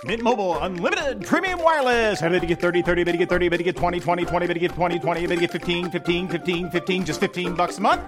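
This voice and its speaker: A man doing a rapid-fire auctioneer. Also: sits high, natural voice. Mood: brisk. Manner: rapid rhythmic auction patter. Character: fast-talking male reverse auctioneer. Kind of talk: radio ad. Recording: ad with music behind.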